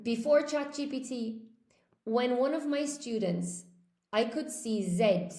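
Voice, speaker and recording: Woman english teacher doing a live class, a bit high, talks chatty and emphatic, roomy echo. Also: gravelly, darkish tone. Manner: chatty, reads viewer comments aloud and answers them; emphatic, repeats words for stress. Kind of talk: live online exam-prep lesson.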